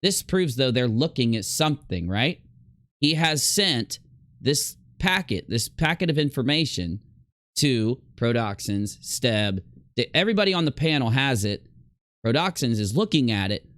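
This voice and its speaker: Give me an emphatic man doing casual commentary, mid-pitched, recorded dry and close. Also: big pitch swings, a bit bright, no echo. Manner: emphatic, rambling, drawn-out stresses. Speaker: YouTube commentator. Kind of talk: casual commentary over clips.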